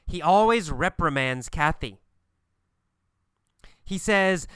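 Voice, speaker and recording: Slow, emphatic man teaching English. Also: mid-range voice, expressive, a bit bright, clean tone, no room sound, studio quality. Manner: slow, emphatic, repeats phrases for learners. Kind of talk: scripted language lesson.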